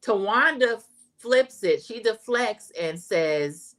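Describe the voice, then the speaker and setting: A woman's voice: fairly low pitch, expressive, moderate pace. A woman hosting a casual livestream that recaps a reality show, talking straight to her viewers as y'all and reading their chat comments aloud.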